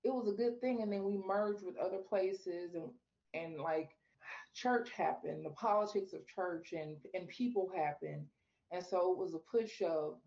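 A woman guest on a podcast, telling her story in casual talk and acting out her own questions to God in a high, lively voice. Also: a little slow, muffled recording. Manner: animated storyteller, acts out quoted talks with God in a high voice. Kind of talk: casual faith interview.

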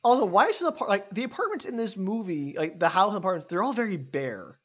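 Podcast guest, casual movie chat, very lively pitch, giggly. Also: slightly rough. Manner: lively, giggly, talks in quick bursts.

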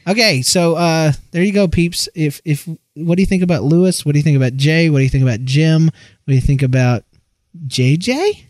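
A man from Georgia chatting casually on a podcast, joking and playful. His voice sits a little high for a man. The sound is dry and close, with no room around it. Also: fairly quick, darkish tone, no echo. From Georgia, USA. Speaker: podcast co-host. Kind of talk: casual chat.

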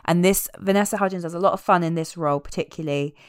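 Casting note: woman, slightly low, dry close sound, chatty and wry. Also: very fast, no room sound. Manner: chatty, animated, tangents with wry asides. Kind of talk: casual chat recapping a film.

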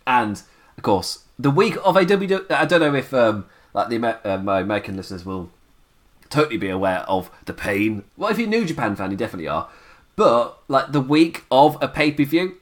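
A man's voice: medium pitch, big pitch swings, a little fast. Podcast host, young man, rambling casual recap, tired voice, lots of ums. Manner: rambling, chuckling, many fillers and restarts. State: voice worn down, sipping tea. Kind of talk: casual solo recap chat.

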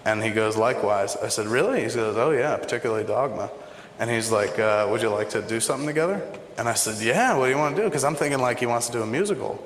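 A man's voice: medium pitch, expressive, quick pace, background noise. A man telling a long profane anecdote to a live audience, acting out both sides of a phone call. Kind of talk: animated live storytelling. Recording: echoey hall with faint ambience.

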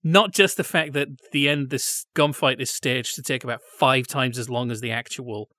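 A man's voice: medium pitch, steady tone, normal speed, pushed and bright, no room sound, clean studio sound. A man co-hosting a podcast, talking through ideas in long wry asides, casual and analytical. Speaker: podcast co-host.

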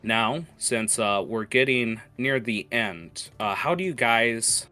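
A man's voice: mid-range voice, slow, sharp tone. A man narrating as game master of a tabletop game, hesitant with many fillers.

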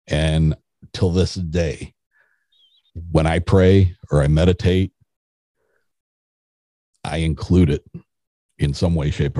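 A man's voice: a bass voice, mellow, husky, dry recording. A middle-aged man, a podcast guest, telling a story in a rambling casual way with restarts.

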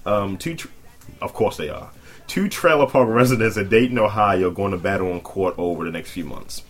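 A man in his thirties co-hosting a podcast in loud, profane casual chat, often jumping up into high mocking voices. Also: a little fast. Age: 30s. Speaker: podcast co-host.

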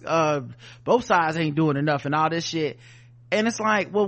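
Profane, sardonic male podcast co-host, pitched a little high. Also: a bit bright. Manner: profane, sardonic, reads headlines then riffs. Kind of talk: casual news-commentary chat.

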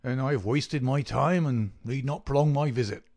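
A man's voice: mid-range voice, moderate pace, darkish tone, natural voice. A man voicing a proud, impatient male doctor in an audiobook reading. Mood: curt. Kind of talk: audiobook character voice.

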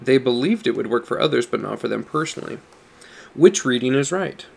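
A man reading a nonfiction book on scripture aloud, measured and explanatory, leaning on stressed words to show meaning. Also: medium pitch, animated, creaky, slightly rough. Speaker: audiobook narrator.

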